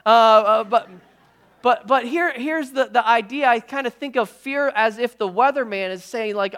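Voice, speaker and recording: A male pastor delivering a sermon in a conversational style, full of quick restarts and jokey asides to his congregation. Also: very high voice, clear, resonant tone. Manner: lively conversational preaching with frequent restarts.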